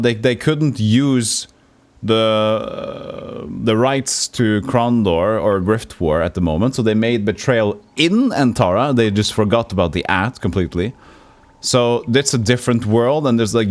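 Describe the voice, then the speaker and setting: A man casually commenting while streaming an old role-playing game, rambling and joking. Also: fairly low pitch. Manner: rambling, joking, mimics characters.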